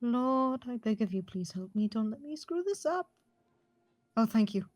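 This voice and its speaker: A woman's voice: a little high, very animated, moderate pace, a little mellow, no echo. A woman playing in a tabletop game, talking in an anxious, pleading way. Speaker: player. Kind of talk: casual game banter.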